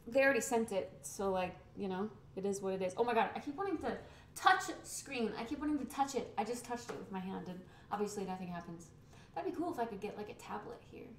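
Talking fast with lively intonation, a young woman with a medium-pitched voice chats and rambles on stream while she cooks. The mic is set away from her in the home kitchen, so there's roomy echo and faint background hiss.

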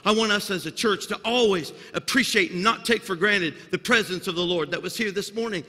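A man preaching a sermon as senior pastor in a church sanctuary, building to loud, fervent climaxes with folksy asides and a slight Southern drawl. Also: high-pitched, brisk. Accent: Southern US drawl slipping in. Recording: long hall reverb of a sanctuary.

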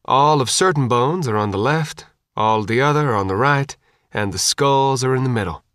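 Brief: a man playing a hardened female petty officer, quiet and blunt, close dry sound. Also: medium pitch, normal speed, no room sound, natural voice. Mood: grim calm.

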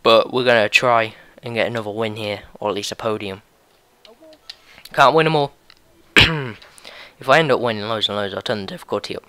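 A young man giving excitable play-by-play commentary on a racing game, his voice going a bit hoarse. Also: lowish voice, fairly quick, pauses often, dry recording. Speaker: gaming video host.

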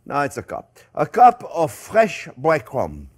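A man's voice: a little high, huge pitch swings, unhurried, a little mellow, slight background noise. A man with a French accent hosting a casual cooking demonstration, chatty and playful, chuckling often with lots of fillers. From France. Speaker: cooking show host.

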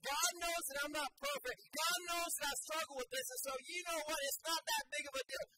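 A man's voice: extremely high pitch, steady tone, fairly quick, loud music behind the voice, low-quality recording. A pastor preaching a sermon in a church, emphatic and repetitive as he drives points home. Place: church sanctuary. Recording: sermon recording with background noise.

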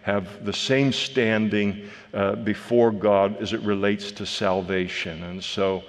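A man's voice: lowish voice, steady tone, takes it slowly. A male pastor teaching a verse-by-verse sermon in a conversational way, with frequent fillers and restarts. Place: church sanctuary. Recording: church hall with long reverb.

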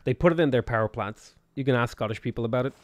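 A man's voice: medium pitch, quick pace, no room sound, highs cut off. A man chatting casually and jokingly as he livestreams a strategy game, rambling from topic to topic. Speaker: gaming streamer.

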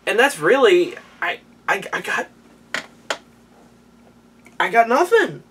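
Tipsy young dude rambling, kinda high voice, restarting sentences, sounds a bit far from the mic. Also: male voice, very animated, slow pace, fairly bright tone, a little hiss or hum. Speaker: vlogger recapping an anime. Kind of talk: rambling casual recap. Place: small warm room indoors.

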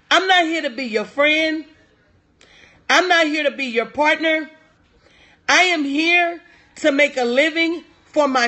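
A woman's voice: high-pitched, sharp tone. A middle-aged woman business coach talking to viewers on a livestream, preachy and emphatic, repeating her key lines and greeting people by name. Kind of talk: motivational livestream talk.

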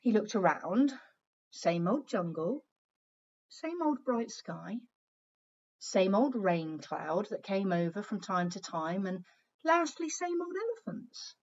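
A woman's voice: mid-range voice, sing-song, slow pace, highs cut off, a little hiss or hum. A woman teacher reading a picture book aloud to young children, telling the story expressively and pointing out the pictures as she goes.

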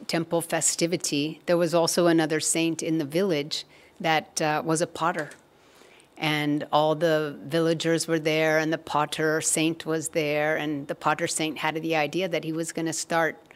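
A woman telling a spiritual story in an unhurried, measured way. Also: low-pitched.

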